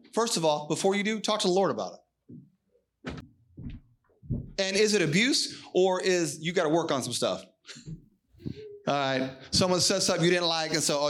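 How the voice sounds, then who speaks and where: Male pastor, high voice, live church sermon, emphatic, shouting bursts.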